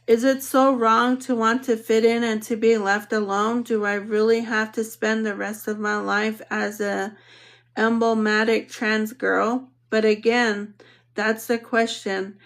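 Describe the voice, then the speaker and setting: A woman narrating an audiobook in the first person, reading in a measured, reflective way. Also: a little high, level tone.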